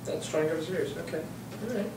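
A man's voice: on the high side, quick pace, background noise. A man co-hosting a casual interview, joking playfully and laughing a lot. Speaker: podcast co-host. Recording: roomy with distant mic.

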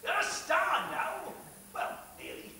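An actor playing a flustered, fussy theatre director who stammers and talks in wordy, formal phrases. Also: male voice, very high voice, sing-song, slow, sharp tone, slight background noise, heavily acted. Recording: roomy film sound from a distant mic.

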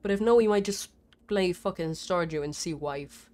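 A young woman streaming a game live. She swears a lot and swings between panicked shrieks and low mumbles. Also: moderate pace, a little mellow, slight background noise. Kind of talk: live gameplay commentary.

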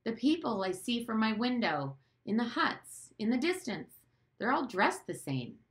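A woman's voice: on the high side, sing-song, a little slow, pitched above the performer's own voice. A woman reading the lines of an earnest, anxious young boy in an audiobook. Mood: puzzled.

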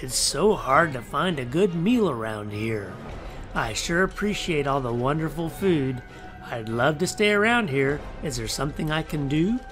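A man voicing a loud, greedy male ghost with a booming, bellowing voice in a storybook read-aloud. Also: very animated, moderate pace, music in the background. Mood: grateful.

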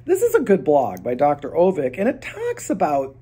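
A man's voice: on the high side, huge pitch swings, moderate pace, mellow, breathy edge. A man, a lawyer, explaining a legal topic in a casual, conversational way, with a Minnesotan accent. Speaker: bankruptcy lawyer.

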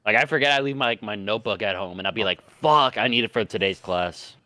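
A young man joins a casual meme reaction chat. He talks in a laid-back, rambling way, full of trailing fillers. His voice is bright and forward, recorded dry and close. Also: fairly low pitch, fast, dry recording.

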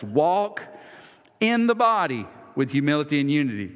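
High-voiced preacher in a reverberant church. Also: male voice, sing-song, normal speed. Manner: folksy, acts out little dialogues. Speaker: pastor. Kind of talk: sermon. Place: church sanctuary.

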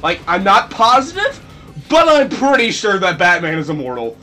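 A man's voice: high voice, sing-song, moderate pace, pushed and bright, faint music behind. A young man commenting on a video game he is playing, rambling and sarcastic, with sudden mock-dramatic outbursts. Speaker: let's play commentator. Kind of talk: gameplay commentary.

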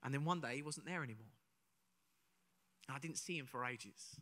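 A young Englishman preaches to a live church congregation. His voice is bright and forceful, and it rings out with a long hall reverb. He talks like he's chatting, telling stories and throwing questions out to the audience. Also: mid-range voice, normal speed. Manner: conversational, storytelling, asks the audience questions. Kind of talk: sermon with personal story.

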